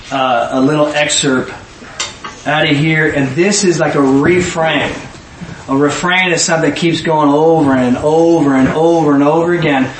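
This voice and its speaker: A man preaching a sermon in a church hall, animated, sometimes rising to a shout and acting out both sides of conversations. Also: on the high side. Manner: animated, rising to shouts, quoting people in dialogue. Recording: echoey room from far off, faint noise.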